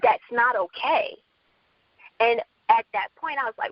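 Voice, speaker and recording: A woman's voice: a little high, lively intonation, fairly quick, no echo, highs cut off. A woman from the Bronx, an author guest, telling her story candidly in an interview and acting out quoted dialogue. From Bronx, New York.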